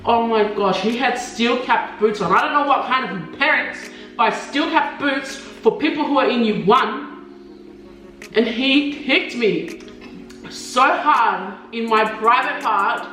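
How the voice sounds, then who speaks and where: A woman's voice: takes it slowly, recorded from a distance. Echoey young woman telling a story. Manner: animated, acts out quoted voices in high pitch, laughs often. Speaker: mukbang co-host. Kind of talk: casual storytelling chat. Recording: echoey room, off-mic, faint music.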